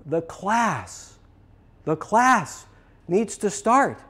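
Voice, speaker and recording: A man's voice: high-pitched, sing-song, drawn-out words, pushed and bright, pitched above the performer's own voice, exaggerated voice. A man voicing a confused old patient. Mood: agitated. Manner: repetitive, urgent. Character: confused, agitated old male hospital patient.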